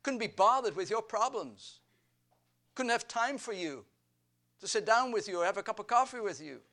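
A man preaching a sermon, slow and deliberate, building emphasis through repeated phrases. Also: sits high, animated, bright, forceful tone. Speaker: pastor.

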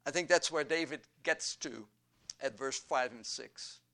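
A man preaching a sermon, slow and deliberate, building emphasis through repeated phrases. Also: mid-range voice, creaky, a bit bright. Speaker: pastor.

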